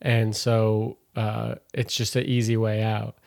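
A man's voice: on the low side, monotone, slow, gravelly, darkish tone. A young man, a stand-up comedian, talking loosely in a casual podcast conversation, rambling with lots of fillers and restarts.

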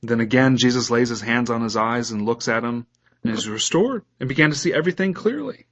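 A man's voice: mid-range voice, lively intonation, a little fast, fairly bright tone, dull audio. A man preaching a sermon as a pastor, reading scripture aloud and putting questions to his listeners.

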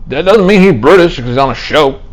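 Animated joking New man. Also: on the high side, brisk. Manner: joking, rambling, animated bursts. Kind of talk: casual banter.

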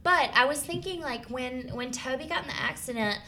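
A woman talking on a casual podcast, eager and jokey, jumping in with quick quips. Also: sits high, sharp tone, a little hiss or hum. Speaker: podcast co-host or guest.

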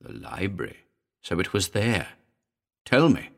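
A man voicing an eager gentleman house buyer who presses quietly and intensely for a ghost story. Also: lowish voice, big pitch swings, a little slow, creaky, exaggerated voice. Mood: pressing.

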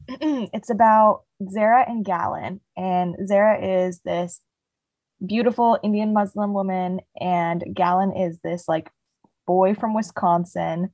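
A woman's voice: mid-range voice, steady tone, a little slow, darkish tone, no room sound, poor audio. A young woman co-hosting a podcast, casually retelling a book's plot with lots of "like" fillers. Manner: rambling retelling, heavy "like" fillers. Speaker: podcast co-host. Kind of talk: casual book chat.

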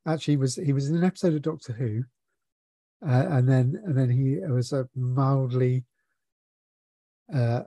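Mellow-voiced man chatting. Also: mid-range voice, fairly even intonation, normal speed, pauses often, no room sound. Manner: easygoing, frequent agreeing yeahs. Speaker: podcast co-host. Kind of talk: casual film review chat.

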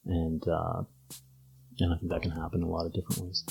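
A man's voice: low voice, monotone, fast, gravelly, a little mellow, a little hiss or hum, rough recording. A man being interviewed, telling things in a chatty, anecdotal, light way. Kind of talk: casual conversational answer.

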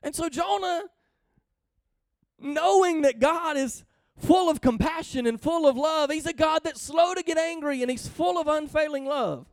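This man speaks at a measured pace in a very high voice, recorded without echo. He reads passages of scripture and explains them with emphasis, frequently turning to his audience with questions in a conversational Bible-teaching manner.

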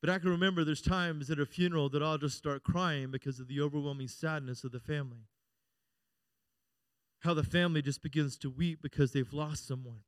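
A middle-aged man, a pastor preaching a sermon, calling out "Amen?" and moving between loud and hushed passages. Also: a little high, fairly even intonation, a little fast, smooth, dry recording. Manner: preaching with call-and-response "Amen?" and swings between loud and quiet.

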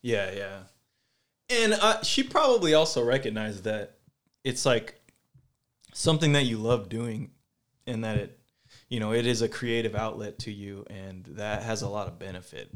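A man hosting a casual chat, jokey and playful, asking questions in a relaxed way. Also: lowish voice, normal speed. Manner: jokey, playful, puts on silly voices. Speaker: host, interviewer.

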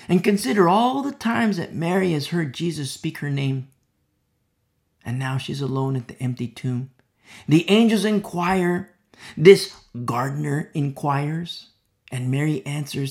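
Gravelly impassioned preacher. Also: mid-range voice, lively intonation, measured pace. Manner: impassioned, swinging between loud emphasis and hushed whispers; repeats phrases for emphasis. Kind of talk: expository sermon.

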